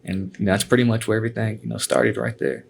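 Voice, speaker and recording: A man's voice: fairly low pitch, flat delivery, fast, vocal fry, a little hiss or hum. A man guest telling stories in a laid-back, casual way, filling his talk with "man" and cuss words. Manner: laid-back, peppers speech with "man" and cussing. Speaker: guest, MMA fighter. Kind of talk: casual storytelling.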